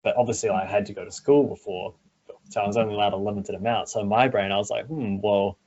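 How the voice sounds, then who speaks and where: Guest, young Kiwi man, low husky voice, easygoing chat, dull call audio. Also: fast talker. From New Zealand. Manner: relaxed, laughs easily, swears casually. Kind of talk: casual chat.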